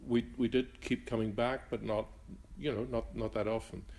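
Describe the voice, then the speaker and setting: An older man from Northern Ireland with a blended Northern Irish and Rhodesian accent, answering interview questions in a reflective, halting way with frequent restarts. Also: mid-range voice, little pitch movement, vocal fry, a little mellow. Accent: mixed Northern Irish and Rhodesian. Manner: halting, many restarts and fillers.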